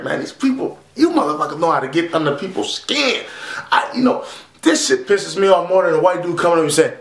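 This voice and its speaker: A man vlogging a profane, rambling rant to camera, talking in a loud, animated way and swearing constantly. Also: a little high, brisk. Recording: echoey room.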